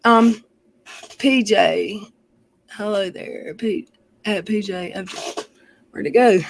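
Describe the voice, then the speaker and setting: A woman's voice: medium pitch, slow, gravelly, slight background noise, low-quality recording. A woman hosting a livestream, telling family stories in a rambling, chatty way and often correcting herself mid-sentence. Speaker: livestream host. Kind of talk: casual storytelling chat.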